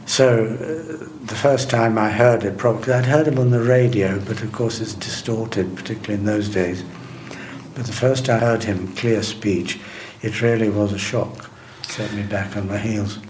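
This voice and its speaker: Measured, low-voiced older man recalling the past. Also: fairly even intonation, darkish tone, slight background noise. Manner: measured, deliberate storytelling with hesitations. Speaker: interviewee recalling wartime interpreting. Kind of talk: reminiscent interview answers.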